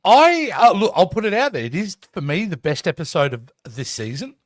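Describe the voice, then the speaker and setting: A man's voice: sits high, sing-song, moderate pace, no room sound. A man co-hosting a casual streamed podcast, teasing and wry. His voice rises and falls a lot, and it is recorded dry and close with no room sound. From Australia. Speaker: podcast co-host.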